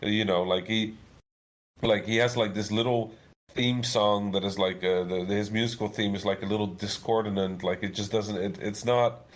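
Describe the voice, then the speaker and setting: A man in his thirties, a guest game developer, telling a story in a chatty, animated way full of filler words. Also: fairly low pitch, moderate pace. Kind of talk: casual storytelling.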